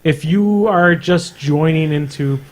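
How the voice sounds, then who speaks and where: A man's voice: fairly high pitch, slow. A man with a somewhat light voice co-hosting a live podcast. He talks in a loose, chatty way, laughing here and there and trailing off mid-thought. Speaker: podcast co-host. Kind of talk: casual chat. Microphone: studio mic on a live stream.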